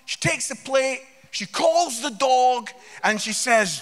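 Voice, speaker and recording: A man in his fifties telling comic stories as a guest speaker, animated and exclaiming, recorded in a reverberant church hall. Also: very high-pitched, measured pace, soft background music. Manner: animated, exclaiming, mimicking voices. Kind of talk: comic storytelling sermon.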